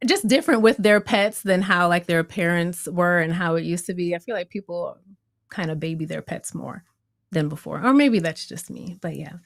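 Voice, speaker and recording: A woman guest chatting casually on a talk show, expressive and emphatic with laughing asides. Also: fairly low pitch, normal speed, vocal fry, no echo, studio quality. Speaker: co-host guest. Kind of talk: casual podcast chat.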